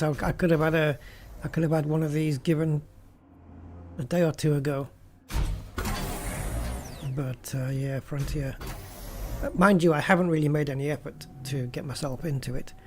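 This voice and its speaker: A man with a mellow, slightly raised voice talks his way through gameplay. He thinks aloud in a loose, chatty commentary. A faint hum sits behind him. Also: a little high. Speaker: gaming channel host.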